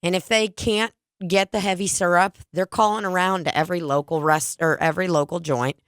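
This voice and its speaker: A woman's voice: on the low side, fairly even intonation, fairly quick, no echo, clean studio sound. A woman hosting a podcast in casual chat, giggly and playfully crude, getting worked up easily. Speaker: podcast host.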